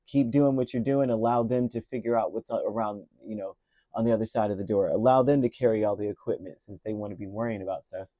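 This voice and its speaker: A man's voice: on the low side, quick pace, mellow, no room sound. A middle-aged man giving a casual, rambling tarot reading and telling a story along the way, with many restarts. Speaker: tarot reader.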